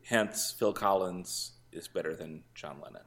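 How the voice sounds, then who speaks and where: A man's voice: low voice, unhurried, a bit bright. A man co-hosting a casual sports podcast, grumbling in mock anger and exasperation. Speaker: podcast co-host. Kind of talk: casual chat.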